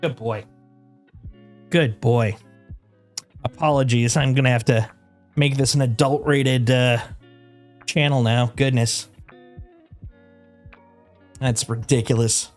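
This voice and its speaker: A man's voice: mid-range voice, steady tone, takes it slowly, pauses often, soft background music. A man chatting casually on his game livestream. He rambles with restarts and laughs, and coos at his dog in doting baby talk. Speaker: game streamer.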